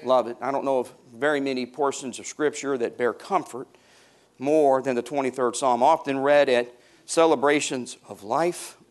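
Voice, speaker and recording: A male pastor preaching from the pulpit in a mid-range voice. He drops to hushed, slow phrases and then climbs into loud, ringing emphasis. He calls out to the congregation to answer him. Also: medium pitch, steady tone. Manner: swings from hushed to loud, rising emphatic passages. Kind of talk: sermon.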